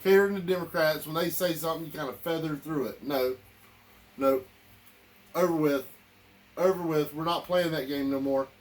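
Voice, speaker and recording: A man's voice: fairly high pitch, normal speed, long pauses. A man delivering a heated, repetitive political rant straight to his listeners. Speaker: political commentator.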